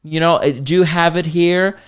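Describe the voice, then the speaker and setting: Loud patronizing American tourist, middle-aged, voice pushed high, as an Australian comedian puts him on. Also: male voice, fairly even intonation, moderate pace, clean tone, lightly acted.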